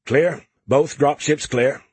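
A man voicing a matter-of-fact ship AI, higher-pitched. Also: moderate pace, breathy edge, dry recording, close to an everyday voice. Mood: brisk. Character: male AI of a starship, matter-of-fact. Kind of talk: audiobook character voice.

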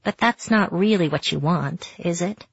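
A woman's voice: fairly low pitch, moderate pace, vocal fry, slightly rough, dry recording, muffled recording. Woman voicing a blunt, prying girlfriend. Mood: probing. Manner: blunt, pressing questions. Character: frank, nosy adult woman friend, a mother. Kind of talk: audiobook character voice.

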